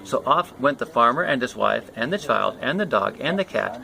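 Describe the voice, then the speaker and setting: An older man reading a children's picture book aloud outdoors in a lively way. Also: mid-range voice, moderate pace, creaky, poor audio. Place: outdoors by a lake. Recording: outdoors with a tour group chattering nearby.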